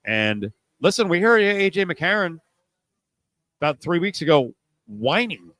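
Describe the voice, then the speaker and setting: A man hosting a sports talk radio show, animated and sarcastic, often mocking people in put-on voices. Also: a little high, unhurried, no echo, rough recording. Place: radio studio. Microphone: studio mic.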